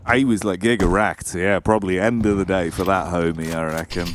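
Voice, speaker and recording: A deep-voiced man speaks briskly while casting an esports match. Bantering casually as co-commentator, he tells animated stories, laughs a lot and swears casually, with a noisy background.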